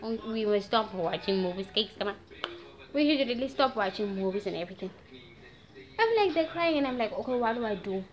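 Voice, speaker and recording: A nineteen-year-old woman from Namibia with a Namibian accent, telling a story in a casual, animated vlog and slipping into Afrikaans slang. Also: mid-range voice, fairly quick. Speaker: vlogger. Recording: dull lo-fi sound with faint music.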